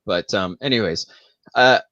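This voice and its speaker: A man with a lowish voice chats on a podcast and tells a loose, meandering story packed with ums and likes. The sound is dry and close, with no room echo. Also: unhurried, pushed and bright, lo-fi sound. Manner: rambling, filler-heavy storytelling. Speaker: podcast co-host. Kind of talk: casual chat.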